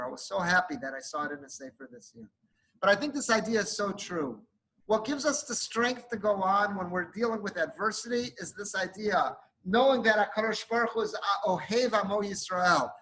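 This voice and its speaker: A rabbi delivers a sermon as a heartfelt story. His voice sits high and sounds bright and forceful. He works Hebrew and Yiddish terms into his English. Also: lively intonation, a little fast, low-quality recording.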